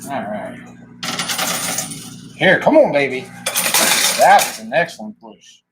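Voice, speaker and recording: A man's voice: mid-range voice, sing-song, takes it slowly, background noise. A man hosting a live stream, a little out of breath, chatting casually with viewers, greeting them by name and laughing often.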